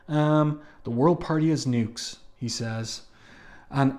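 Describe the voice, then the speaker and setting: A man's voice: mid-range voice, a little mellow. A man reviewing an old comic book, reading its captions and speech balloons aloud and adding his own comments between them, with frequent ums. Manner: reads captions plainly, with frequent ums and asides.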